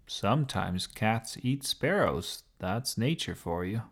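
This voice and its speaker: A patient grown man answers in a dry, deadpan way, as a storybook reader voices him. His low voice moves slowly. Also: husky, heavily acted. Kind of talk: storybook character voice.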